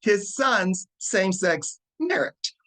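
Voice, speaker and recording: Talk show host guy, highish voice, lots of yeah and that's right. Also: big pitch swings, slow, a bit bright, low-quality recording. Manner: affirming, call-and-response. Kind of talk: casual talk-show chat.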